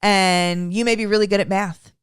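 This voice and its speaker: A woman's voice: mid-range voice, steady tone, moderate pace, clean tone. A young adult woman who trains dogs, giving an emphatic instructional talk and checking in often with "okay?". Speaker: dog trainer.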